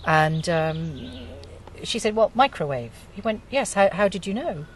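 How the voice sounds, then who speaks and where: A woman hosting a group discussion, talking with many pauses and fillers. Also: fairly low pitch, expressive, recorded from a distance, a little hiss or hum. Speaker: group host.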